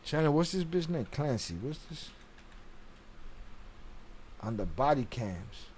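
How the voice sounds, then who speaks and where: A man's voice: fairly high pitch, very animated, slow, a little mellow, slightly rough. Blunt profane male stream host. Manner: profane, blunt, laughs often. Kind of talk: casual live-stream commentary, reading chat.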